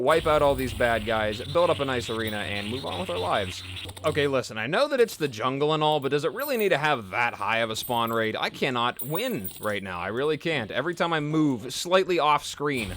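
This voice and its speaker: A man's voice: medium pitch, sing-song, brisk, fairly bright tone, a little hiss or hum. Rambling young man narrating his gameplay. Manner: rambling, chatty, self-deprecating. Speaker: gaming let's play host. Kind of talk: casual gameplay commentary.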